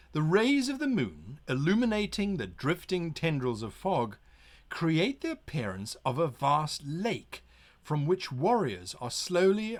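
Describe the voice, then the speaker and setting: A man streaming live as game master, reading a gamebook aloud and chatting playfully with his viewers. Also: on the high side. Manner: brisk, playful, talks back to the chat.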